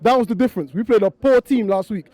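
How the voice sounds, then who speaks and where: A man's voice: high-pitched, quick pace, dark tone. A man, a football fan, bluntly criticising players to camera. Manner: blunt, cutting, dismissive. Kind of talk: angry fan rant to camera.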